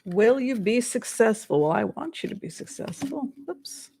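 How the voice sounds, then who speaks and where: A woman's voice: fairly high pitch, lively intonation, moderate pace, vocal fry, a little mellow, slight background noise. Bubbly chatty woman reading tarot. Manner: chatty, bubbly, playful asides. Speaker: tarot reader. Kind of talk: live-stream tarot readings for viewers.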